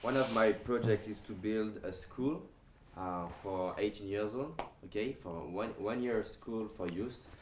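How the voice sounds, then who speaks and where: A deep-voiced man, an English speaker, asks interview questions in a hesitant, halting way. His voice sounds roomy, with faint noise behind it. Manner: hesitant, halting phrasing with fillers.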